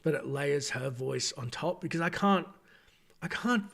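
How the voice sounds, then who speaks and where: A man's voice: a little high, lively intonation, measured pace, vocal fry, a bit bright, breathy edge. A man hosting a late-night gaming live stream, talking to chat in a rambling, chatty way and correcting himself as he goes, tired at this hour. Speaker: gaming channel host.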